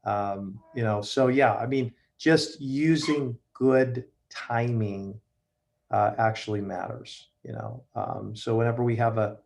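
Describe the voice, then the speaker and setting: Man, middle-aged, casual talk to a group, conversational, lots of ums and restarts, mid pitch. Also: steady tone, slow pace, creaky, darkish tone. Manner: conversational, many fillers and restarts. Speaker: speaker giving a talk.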